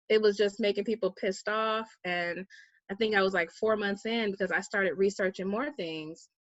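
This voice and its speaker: A woman guest recounts a personal story in a relaxed interview. She speaks in an animated way and slips into the voices of the people she quotes. The recording is dry and a little muffled. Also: mid-range voice, no echo. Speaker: guest, vegan activist.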